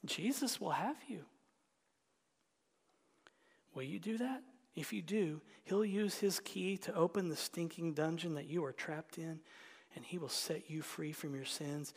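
A male pastor preaching a sermon, dropping to hushed whispers and rising to loud emphatic lines. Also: fairly high pitch, measured pace. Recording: long church reverb.

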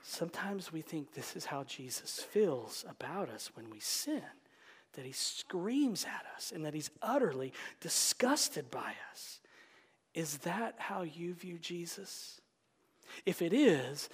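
A male pastor preaching a sermon, swinging between forceful emphasis and hushed whispers. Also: a little high, lively intonation, measured pace, slightly rough. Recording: long reverb of a large hall.

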